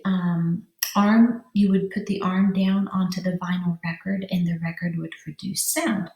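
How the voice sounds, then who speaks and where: A woman's voice: medium pitch, dark tone, echoey room. A woman teacher giving a vocabulary lesson to young children, stretching out words and spelling letters aloud. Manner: slow, drawn-out syllables, spelling letters aloud.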